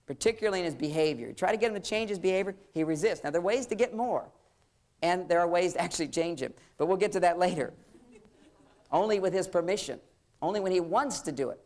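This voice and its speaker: A man delivers a relationship seminar in an easy, joking way. He keeps slipping into quick impressions of husbands and wives to make his points. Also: high voice, expressive, a little mellow. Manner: joking, acts out quoted couples. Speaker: relationship lecturer. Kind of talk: humorous seminar talk.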